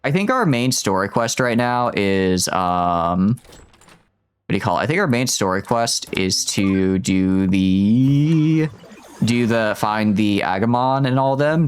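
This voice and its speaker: A man's voice: on the low side, sing-song, measured pace, clear, resonant tone. A man chatting casually while live-streaming a video game, joking and rambling with a self-mocking manner.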